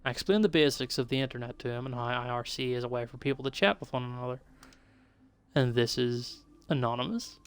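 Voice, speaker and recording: A man's voice: mid-range voice, steady tone, very fast, hardly any pauses, clean tone. A man streaming, reading a visual novel aloud in a plain, easy voice. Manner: reads narration and the hero's lines in a plain, easy voice.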